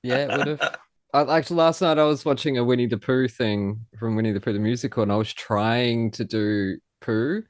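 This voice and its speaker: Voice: mid-range voice, fairly quick, dry recording, clean studio sound. A podcast host asking a guest questions in a chatty, casual way. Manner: chatty, laughing at own stories. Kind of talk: casual interview chat.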